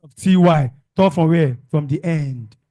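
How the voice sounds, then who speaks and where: Man, classroom teacher, call-and-response drilling, slightly high voice, slow delivery, dry sound. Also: mellow, no echo. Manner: call-and-response drilling, asks questions and repeats answers. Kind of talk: classroom revision lesson.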